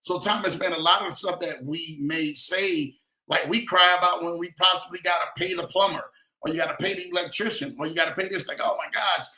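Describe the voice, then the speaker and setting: A man hosting a casual livestream, reading viewer comments and talking in animated, slangy speech, often calling himself by name. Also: high-pitched, fairly quick. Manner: animated, slangy, speaks of himself in third person. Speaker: livestream host. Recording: echoey room.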